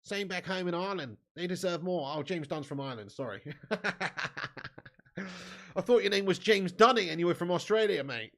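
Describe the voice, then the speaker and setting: Casual football streamer. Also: male voice, high voice, expressive, fast, hardly any pauses. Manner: casual, calls viewers mate and lad; erupts into angry shouting at the match. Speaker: football watch-along host. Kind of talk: live watch-along commentary and chat.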